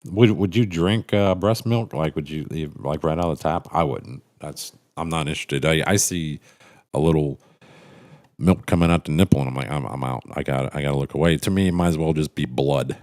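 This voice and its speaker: Deep-voiced middle-aged man, livestream host, casual rambling chat, profane, cynical, stumbling restarts. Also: normal speed, a little mellow.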